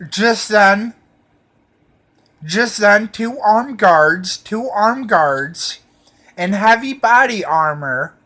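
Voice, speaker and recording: A man's voice: high-pitched, sharp tone. A man telling a rambling personal story, profane and meandering, full of fillers and restarts.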